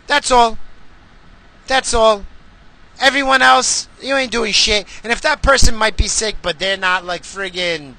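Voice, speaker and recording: A man rants in a loud, profane stream, his voice bright and cutting with a slightly raised pitch. He swears constantly and breaks into sudden shouts. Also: a little slow. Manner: heated, swearing, bursts into shouts. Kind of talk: profane comedic rant.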